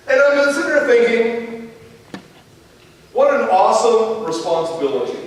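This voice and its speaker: Man preaching in an echoey church. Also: extremely high pitch. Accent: American Midwest. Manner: animated storytelling, acts out dialogue. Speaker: pastor. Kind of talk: sermon with humorous family story. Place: church sanctuary. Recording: echoey church hall from far off, faint noise.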